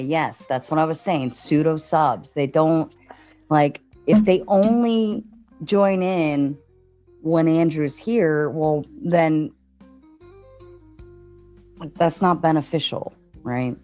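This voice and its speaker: A woman's voice: low voice, slow pace, warm tone. A woman chatting on a livestream, talking casually and defending herself. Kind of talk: livestream chat. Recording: dull lo-fi audio with faint music.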